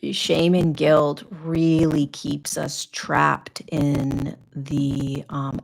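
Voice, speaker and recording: Woman host, spiritual teacher, low-pitched and gravelly, earnest coaching delivery with repetitions. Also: fairly even intonation, slow pace, few pauses. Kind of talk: live Q&A talk.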